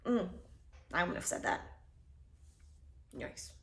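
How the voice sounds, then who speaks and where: A woman's voice: mid-range voice, fairly even intonation, normal speed. A young woman with a mid-height voice talks straight to her viewers in a loose, casual way. She thinks aloud, circling back with fillers and restarts as she works through her points. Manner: conversational, reflective, with frequent fillers and restarts. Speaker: host. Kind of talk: casual self-help talk to camera.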